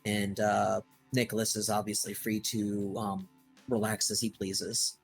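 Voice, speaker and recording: A man playing a tabletop game, talking in a relaxed way with many fillers. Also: lowish voice, measured pace, vocal fry, husky, soft background music. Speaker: player. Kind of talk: tabletop role-play.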